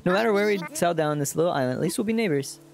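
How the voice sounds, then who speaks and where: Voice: mid-range voice, lively intonation, rapid-fire, gravelly. A streamer voicing a friendly, upbeat young woman villager in a video game, reading her lines in a perky way. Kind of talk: reading game dialogue aloud.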